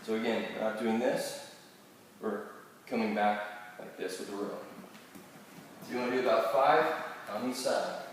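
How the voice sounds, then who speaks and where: A man's voice: lowish voice, normal speed, pauses often, recorded from a distance, slight background noise. A man, a chiropractor, talking viewers through back exercises step by step and restarting his phrases now and then. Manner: step-by-step coaching with small restarts. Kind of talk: exercise instruction. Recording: very echoey room, heard from afar.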